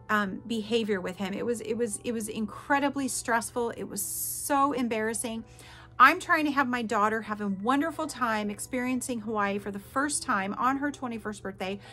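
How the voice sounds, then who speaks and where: A woman in her forties speaks straight to her viewers in an earnest, emphatic way, pressing her points. Her voice sits a little high and rings bright and forceful. Soft music plays faintly underneath. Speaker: vlogger sharing her story. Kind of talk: personal storytelling to camera.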